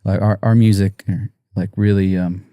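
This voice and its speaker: Low, mellow man, guest in an interview, halting and close to tears, dry sound. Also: flat delivery, clear, resonant tone, no room sound. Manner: halting, soft-spoken, many pauses and restarts. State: emotional, near tears. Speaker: musician guest. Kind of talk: emotional interview storytelling.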